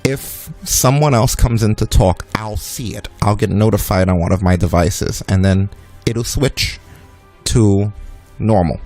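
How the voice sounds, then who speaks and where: A young man co-hosting a game stream, telling a story in an animated, profane rant. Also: lowish voice, measured pace, faint music behind. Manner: ranting, swears freely, animated storytelling. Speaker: streamer and co-host. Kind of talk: casual chat during a game stream.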